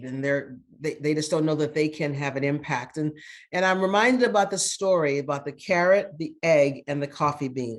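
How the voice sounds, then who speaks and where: A grandmother guest in an interview, telling a story in an earnest, motivational way with repeated words for emphasis. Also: deep voice. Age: older.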